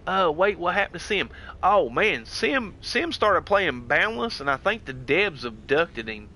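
A man with a Southern US twang, talking in a bright, fairly high voice. He chats laid-back and friendly, tossing in "dude" and "heck yeah" as he streams a game. His talk stays relaxed and conversational. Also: unhurried. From United States. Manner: laid-back and chatty, drawling "heck yeah" and "dude", reads chat aloud. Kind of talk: casual live-stream gaming chat.

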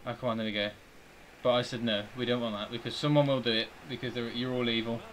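Commentating live on his football game stream, a young streamer with a British accent addresses his players directly and curses at them. He speaks quickly in a level, medium-pitched voice with a fairly bright tone.

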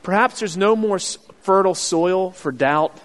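High-voiced man preaching in echoing hall. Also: normal speed. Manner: storytelling with acted-out voices, rising to loud excited bursts. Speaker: pastor. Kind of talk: sermon. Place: church sanctuary.

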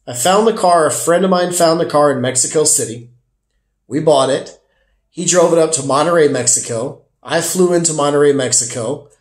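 A man talks straight to his viewers in a chatty, emphatic way and calls them folks. His voice sits slightly above the usual male range. The room around him is echoey. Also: a little high. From United States. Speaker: vlogger. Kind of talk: casual storytelling to camera.

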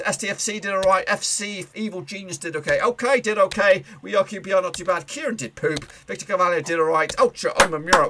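A man hosting a casual football predictions recap, chatty and playful, with quick asides, fillers and a voice he says he is losing. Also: high-pitched, expressive, sharp tone, a little hiss or hum. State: losing his voice.

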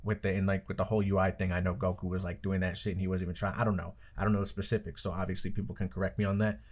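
An anime reaction channel host talks casually, rambling and swearing, leaning heavily on "like" and "I don't know." His deep voice is level in tone, a little mellow, and rapid-fire.

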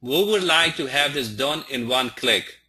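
A man teaching a live online training, speaking haltingly and often checking in with his listeners. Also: mid-range voice, animated, pushed and bright, breathy edge. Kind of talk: live webinar instruction.

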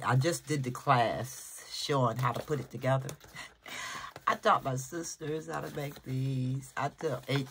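An older woman, a great-grandmother who vlogs, chats casually to her viewers from home, getting emotional and hopping from one topic to the next in a rambling way. Her voice is rumbling low and a bit bright, recorded on a nearby camera with slight background noise.

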